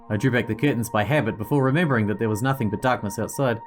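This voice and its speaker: A man's voice: on the low side, very fast, few pauses, soft background music. Man reading a story game aloud. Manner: casual, jokey asides. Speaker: gaming channel host.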